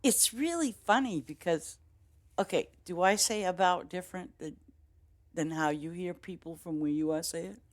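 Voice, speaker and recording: Female game streamer, Boston accent, deep-pitched, chatty and rambling, laughs easily. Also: normal speed. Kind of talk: casual chat with stream viewers.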